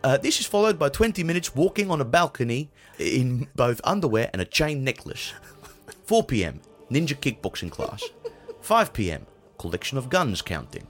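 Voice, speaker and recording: A man voicing a brutish, self-important Dutch father with a Dutch accent, reading a spoof blog in a deadpan, pompous way. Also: medium pitch, normal speed. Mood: deadpan boastful.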